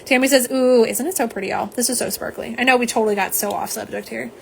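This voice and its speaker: A woman's voice: a little high, fairly even intonation, fast talker, vocal fry, a little hiss or hum. A woman chatting through a live nail polish swatch stream at home, rambling and reading out viewer comments. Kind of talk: live unboxing chat.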